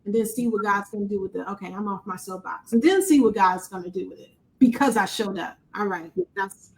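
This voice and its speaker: A woman from Buffalo hosting a podcast, sharing a heartfelt testimony in an animated, emphatic way with a preacher-like cadence. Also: mid-range voice, brisk, low-quality recording. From Buffalo, New York, USA. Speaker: podcast host.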